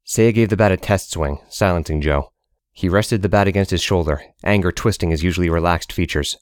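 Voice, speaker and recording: A man narrating an audiobook in a steady, measured reading. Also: low voice, clean tone, no echo, studio quality.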